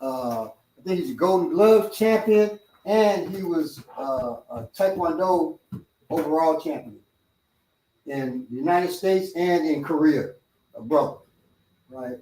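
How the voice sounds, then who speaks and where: A middle-aged man, a martial arts instructor and host, telling stories in casual chat and acting out other people's lines loudly. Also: on the high side, slow. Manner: animated, acts out quoted voices loudly. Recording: roomy sound from a distant mic.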